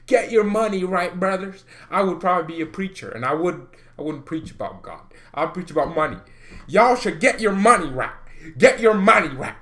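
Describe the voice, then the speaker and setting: A young man hosting a casual football fan vlog, excitable and animated, laughing often as he ranks players. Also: medium pitch. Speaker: football channel host.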